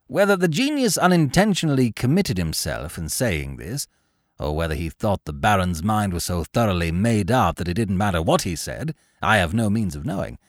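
Male storyteller for a classic audiobook, lower voice, very lively intonation, dry close studio sound. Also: dry recording. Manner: expressive, measured storytelling. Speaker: narrator. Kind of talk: audiobook reading of a classic tale.

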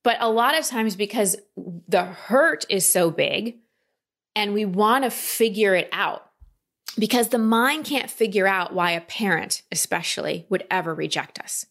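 A woman coaching a client in a calm talk, often slipping into quoted inner voices. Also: medium pitch, a little slow. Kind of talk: coaching session.

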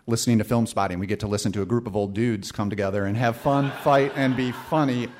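A man's voice: medium pitch, steady tone, fast talker, darkish tone, a little hiss or hum. A man co-hosting a film podcast live on stage, reading out listener emails in a dry, wry way. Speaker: podcast co-host. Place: live stage before an audience.

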